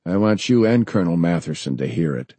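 Man playing a blunt army general, curt orders, dark husky voice. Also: low voice, expressive, a little fast, dry recording. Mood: commanding. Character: defiant senior male army general.

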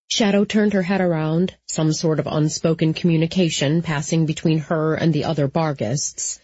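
A woman narrating an audiobook in a steady, even storytelling manner. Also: sits low, moderate pace, few pauses, slightly rough, dry recording, dull audio.

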